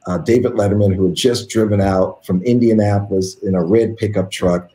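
A man from the United States telling stories as an interview guest, animated and acting out the quotes. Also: on the low side, a little fast. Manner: animated storyteller who acts out quotes. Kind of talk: casual anecdote telling. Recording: roomy echo.

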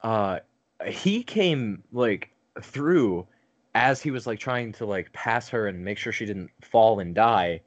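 A man's voice: lowish voice, lively intonation, takes it slowly, highs cut off. A man on a podcast telling a long story in casual chat, rambling with lots of fillers and swearing.

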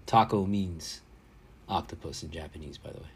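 Male solo podcaster, lowish husky voice, casual rambling delivery with profanity. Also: normal speed. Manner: rambling, joking, swearing, spells things out. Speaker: podcast host.

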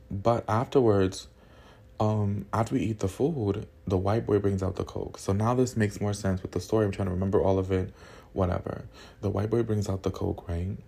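A man hosting a podcast, telling a story in a gossipy, profane, animated way. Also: fairly low pitch, gravelly. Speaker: podcast host. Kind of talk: casual storytelling.

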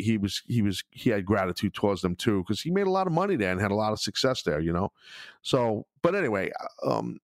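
A man's voice: on the low side, dry recording, clean studio sound. A middle-aged man hosting a podcast in blunt, profane, casual chat. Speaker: podcast host.

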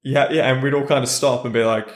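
A man's voice: medium pitch, fast talker. Blunt, swearing male podcast co-host. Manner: animated, blunt, swears casually. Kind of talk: casual chat, storytelling. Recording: roomy echo.

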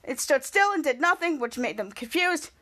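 A woman hosting a podcast, casually recapping a TV episode in a halting way, often restarting and repeating words. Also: high-pitched, expressive, a bit bright. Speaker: podcast host.

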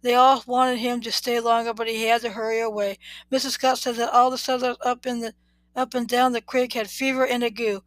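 A woman reading a children's book aloud in a steady, plain way, now and then correcting a word. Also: a little high, brisk, no room sound, poor audio. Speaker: reader.

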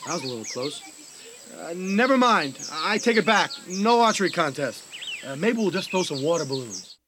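A man's voice: a little high, big pitch swings, moderate pace, background noise. An actor playing a flustered adult man at a camp, backpedaling hesitantly in a radio drama.

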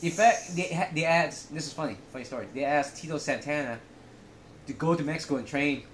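A man's voice: on the high side, fairly quick, a bit bright, a little hiss or hum. A man co-hosting a casual podcast chat, joking and rambling, often laughing. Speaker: podcast co-host.

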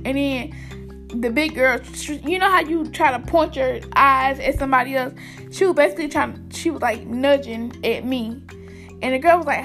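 A young woman with a high voice, telling a storytime in a chatty, slangy way. She speaks straight to her viewers and calls them y'all. Faint music plays underneath. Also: moderate pace, a bit bright. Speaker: vlogger. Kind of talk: casual storytime.

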